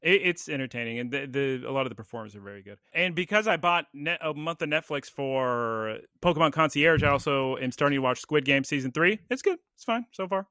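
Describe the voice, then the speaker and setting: A man co-hosting a podcast, chatting casually with quick jokes and asides. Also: medium pitch, no room sound, studio quality. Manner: animated, jokey, quick asides. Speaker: podcast co-host. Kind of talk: casual chat.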